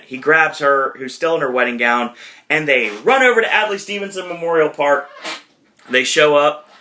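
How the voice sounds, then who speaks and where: Chatty man with a bright voice. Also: medium pitch. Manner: rambling, lots of fillers, slipping into quick impressions. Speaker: podcast host. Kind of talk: casual movie recap.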